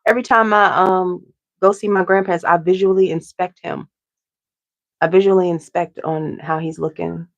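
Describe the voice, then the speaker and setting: Chatting with her viewers during a casual tarot reading, a woman repeats herself and keeps asking "okay?". She has a lowish, steady voice at a moderate pace, and the recording sounds muffled.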